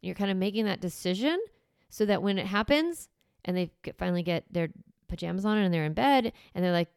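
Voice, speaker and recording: A woman's voice: fairly low pitch, expressive, fast, gravelly, a little mellow, clear, resonant tone, dry recording, studio quality. A woman, likely in her thirties, casually giving parenting advice and acting out what a parent might say to a child. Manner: conversational, acts out what parents say to kids. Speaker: parenting coach.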